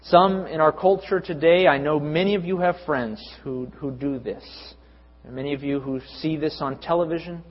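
Young male preacher, husky, slightly high voice, emphatic, lo-fi hall recording. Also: moderate pace. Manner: rising to emphatic, lengthy repeated lists. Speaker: pastor. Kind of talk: sermon. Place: church hall. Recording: echoey hall, dull lo-fi sound.

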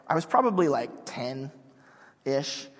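A man's voice: medium pitch, big pitch swings, slow pace. A man in his thirties preaching a sermon, telling stories in a casual, joking way with many restarts. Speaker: pastor. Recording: long hall reverb.

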